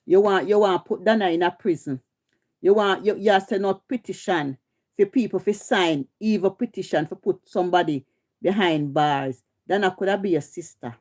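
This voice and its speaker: A woman's voice: on the low side, moderate pace, a little mellow. A middle-aged woman with a Jamaican accent, hosting a livestream and scolding, confrontational and repetitive. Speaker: live stream host. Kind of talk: heated livestream rant.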